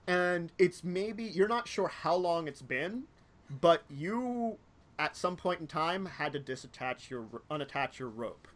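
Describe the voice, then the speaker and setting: Brief: male game master, rambling narration full of fillers, a bit high voice. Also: lively intonation, unhurried, a bit bright. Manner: rambling, lots of fillers and self-corrections.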